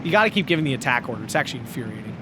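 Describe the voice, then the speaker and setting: A man casting a strategy game tournament match, excitable, laughing often and shouting at big plays, a little hoarse from talking. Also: mid-range voice, very fast, background noise. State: losing his voice. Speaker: tournament caster.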